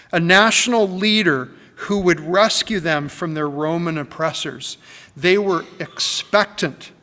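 Guy preaching in a church, high bright voice, slow and emphatic, long echo off the hall. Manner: emphatic, deliberate preaching with slow, stretched phrases. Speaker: pastor. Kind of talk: sermon. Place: church sanctuary.

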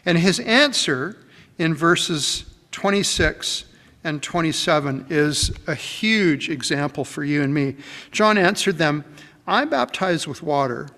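A man preaching a sermon to a church congregation, emphatic and deliberate, stretching his phrases. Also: fairly high pitch, expressive, bright, forceful tone. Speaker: pastor. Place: church sanctuary. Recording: long hall reverb.

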